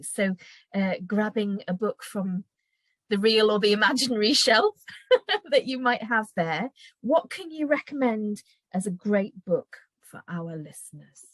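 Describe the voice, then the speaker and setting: Slow, hesitant female host, dry close sound. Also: medium pitch, no room sound, low-quality recording. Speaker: book festival host. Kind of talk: interview.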